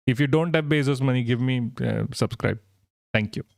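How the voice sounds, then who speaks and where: A man's voice: medium pitch, normal speed, gravelly, a little mellow, dry recording, studio quality. A young Indian man hosting a live stream, ranting bluntly and with lots of swearing as he answers viewer comments. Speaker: livestream host.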